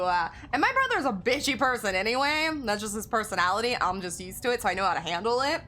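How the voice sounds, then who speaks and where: A woman's voice: medium pitch, sing-song, fast talker, few pauses, sharp tone, a little hiss or hum. A young woman streaming a game, chatting casually with a friend and her viewers and laughing often. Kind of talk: casual chat while livestreaming a game.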